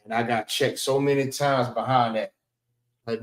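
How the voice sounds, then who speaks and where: A man teaching a class, slowly sounding out letters one by one and repeating himself. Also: medium pitch, steady tone, reverberant, rough recording. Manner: slow, repetitive, spells out sounds one by one. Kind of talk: classroom language lesson. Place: library meeting room.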